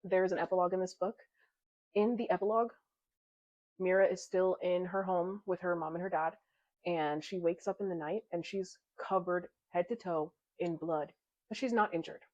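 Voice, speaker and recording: A young book reviewer with a lowish, steady, darkish voice recaps a novel at a moderate pace, heard through dull lo-fi sound. She's chatty and casual, swearing freely and acting out the characters' lines.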